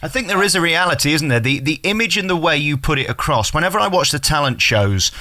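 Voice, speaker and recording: A man's voice: fairly high pitch, expressive, fast talker, bright, forceful tone. A man hosting a radio interview show, chatty and effusive, asking leading questions.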